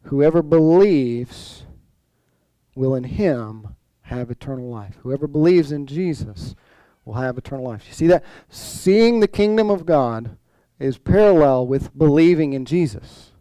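A man's voice: mid-range voice, animated, a little slow, mellow, smooth, no echo, poor audio. A male pastor preaching a sermon in a conversational way, full of restarts and rhetorical questions.

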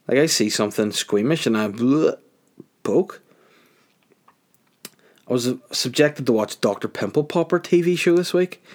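A young man rambling through a crude comedic monologue, swearing constantly. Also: medium pitch.

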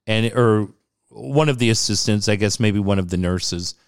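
A man relates a story from his own life in an easygoing conversation, moderately paced and clean-toned. His delivery is animated, and quoted remarks come out with big pitch jumps as he acts them out.

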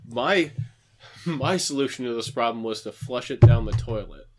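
A man's voice: medium pitch, lively intonation, soft background music. A man with an ordinary mid-range voice chats through a film recap. His delivery is loose and conversational, full of jokey asides and restarts. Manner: chatty, joking, quick asides and laughs. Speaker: podcast co-host recapping a film. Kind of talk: casual chat.

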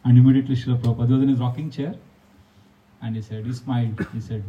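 A man's voice: mid-range voice, rapid-fire, recorded from a distance, lo-fi sound. A man, a monk giving a devotional talk full of anecdotes, often laughing and acting out quotes. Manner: storytelling, animated, laughs often, acts out quotes.

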